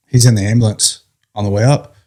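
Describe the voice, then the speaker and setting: A firefighter with a lowish male voice tells a story as a guest in an interview. He's animated, laughs through the amusing parts, and swears casually.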